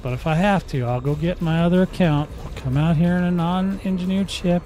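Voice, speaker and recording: A man's voice: high-pitched, a little fast, mellow. A man hosting a gaming channel, giving joking, playful commentary while he plays and making gun sounds with his mouth. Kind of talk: live gameplay commentary.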